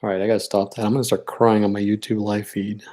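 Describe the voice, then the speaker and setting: A man leads a live-streamed painting lesson at a relaxed, talkative clip. He encourages his viewers as he works through each step and gets openly sentimental about the students he misses. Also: fairly low pitch, fast talker. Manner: chatty and encouraging, talks while working. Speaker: art teacher leading a paint night.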